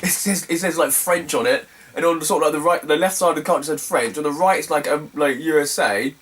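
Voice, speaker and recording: A man's voice: on the high side, fast, a bit bright, distant mic. A man telling a story casually to camera, chatty and sweary with lots of fillers. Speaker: retro game collector vlogger.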